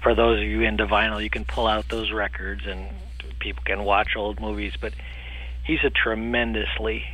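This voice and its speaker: Man, radio caller, hesitant, thoughtful, bright edgy tone, lowish pitch. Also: little pitch movement, moderate pace, low-quality recording. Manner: hesitant, thoughtful, many uhs.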